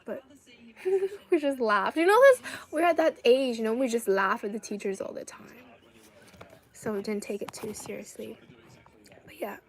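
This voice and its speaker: A young woman from China hosts a relaxed live-stream chat. Her voice sits a little high, and she rambles through reassuring thoughts and viewer comments in a casual, friendly flow. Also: moderate pace, long pauses, rough recording. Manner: chatty, rambling, reads viewer comments aloud. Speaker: livestreamer.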